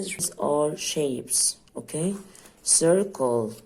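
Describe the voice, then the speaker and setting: A woman's voice: normal speed, mellow. A woman with an Egyptian Arabic accent demonstrating a children's English activity book, asking questions and answering them herself as the child. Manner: plays both teacher and child, asking then answering in a lower voice. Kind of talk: home teaching demo, Arabic mixed with English.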